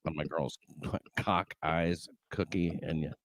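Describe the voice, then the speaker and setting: Low-voiced man hosting a late-night stream. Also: fairly even intonation, takes it slowly, dry recording, clean studio sound. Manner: loose, profane, laughing asides. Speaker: podcast host. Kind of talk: casual late-night show chat.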